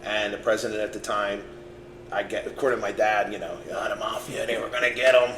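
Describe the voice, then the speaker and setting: A man's voice: on the low side, fairly even intonation, fast, creaky. A man co-hosting a casual podcast, telling a story in a playful, chatty way and acting out the quotes. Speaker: podcast co-host. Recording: roomy with faint noise.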